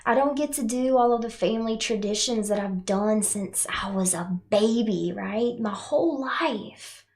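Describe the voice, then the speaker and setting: A woman with a voice pitched a little high. She talks earnestly to her viewers about spiritual matters, checking in with a "right?" after her points. She sounds emotional and close to tears. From North Carolina, USA. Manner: earnest, tags lines with "right?", speaks of herself in third person. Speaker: spiritual channel host. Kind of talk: heartfelt spiritual talk to viewers.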